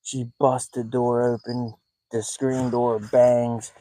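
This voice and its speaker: A man's voice: little pitch movement, slow pace, warm tone, dry recording, poor audio. A man telling stories and joking while fishing from a boat on a lake at night, keeping his voice down. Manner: chatty, joking, keeps his voice low. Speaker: fishing vlogger. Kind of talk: casual storytelling while fishing.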